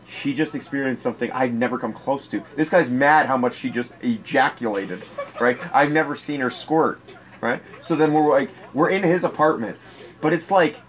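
Crude, laughing male storyteller. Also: medium pitch. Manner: crude, animated, laughs through his stories. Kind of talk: casual comedic storytelling.

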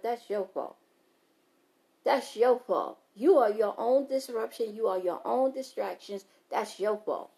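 Blunt, emphatic woman with a higher voice. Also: a little mellow. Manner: blunt, emphatic, repeats key phrases, swears freely. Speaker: motivational speaker. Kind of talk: unscripted motivational talk to viewers.

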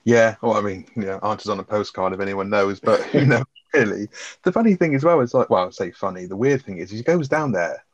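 A man's voice: lowish voice, lively intonation, a little fast, no room sound, highs cut off. A man talking casually about a film on a podcast, swearing often and laughing as he talks. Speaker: podcast co-host.

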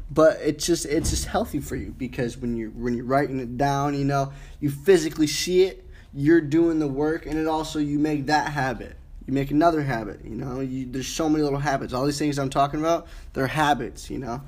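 A man hosting a casual self-help podcast, rambling through a numbered list with lots of "you know" and restarts. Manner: rambling, repeats words, frequent "you know"; wide swings in pitch, drops low and quiet at asides. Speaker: podcast host.

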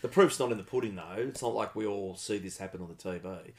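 A man co-hosting a casual sports podcast, trading quick, wry banter. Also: lowish voice, darkish tone. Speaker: podcast co-host.

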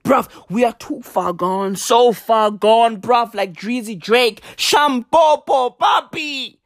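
A woman's voice: a little high, slow pace, no echo, studio quality. A woman delivering a comedic rant, profane and slangy, hammering her points with repetition. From South Africa.

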